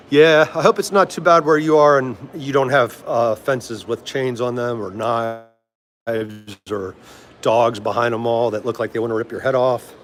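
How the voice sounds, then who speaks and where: Speaking in an unhurried, mid-range voice with fairly even intonation, a middle-aged man with a DC accent chats loosely on his livestream. He rambles, laughs often, and answers comments from viewers.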